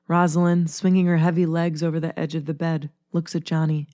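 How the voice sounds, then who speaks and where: A woman narrating a chapter of a story in a steady, measured way. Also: deep voice, no echo, clean studio sound. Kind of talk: storybook reading.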